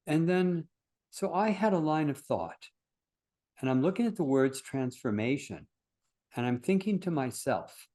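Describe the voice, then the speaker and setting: A man's voice: mid-range voice, darkish tone. An older man, a workshop founder and teacher, talking casually in an interview as an earnest, reflective storyteller.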